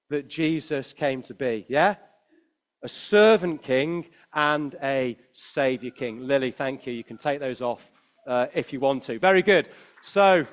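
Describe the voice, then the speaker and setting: A man giving a lively children's talk at a Christmas service, asking the children questions as he preaches. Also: high-pitched.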